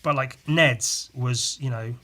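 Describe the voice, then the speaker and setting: A man's voice: medium pitch, slow, sharp tone. A man hosting a podcast, talking in a blunt, sweary, rambling way with many restarts. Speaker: podcast host. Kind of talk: casual opinionated monologue.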